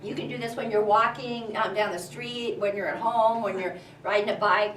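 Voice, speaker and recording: With a steady tone, medium pitch and normal speed, a woman coaches a crowded group of standing girls in a live confidence and voice workshop, encouraging them through breathing and loud counting drills. The distant, echoey recording includes music and background noise.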